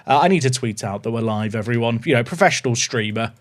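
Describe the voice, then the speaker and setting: A man's voice: mid-range voice, expressive, fast, hardly any pauses. A man chatting casually to viewers on a livestream from his home office, upbeat and talkative.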